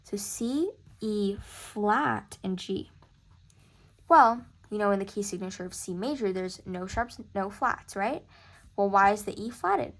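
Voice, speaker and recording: A woman's voice: mid-range voice, a little slow. A woman tutoring music theory in a casual lesson, chatty and thinking aloud as she corrects herself. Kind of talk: casual screen-recorded lesson.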